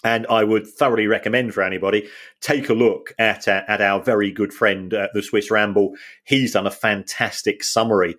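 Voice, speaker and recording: A man co-hosting a football podcast, talking things through in a measured way with many fillers and restarts. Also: fairly low pitch, steady tone, fairly bright tone. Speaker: podcast co-host. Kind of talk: casual football finance chat.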